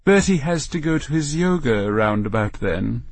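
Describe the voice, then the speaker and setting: A man voicing a bossy, pretentious mother who talks down to people with slow, prim drawn-out words. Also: mid-range voice, expressive, no echo, voice pushed up. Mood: haughty. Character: bossy pretentious mother, middle-aged woman.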